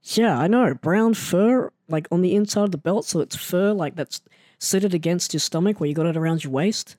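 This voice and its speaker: A man telling a story in a casual, animated and self-mocking way, often jumping into an excited higher voice. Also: normal speed, dry recording, clean studio sound. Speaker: storyteller recounting his wrestling start.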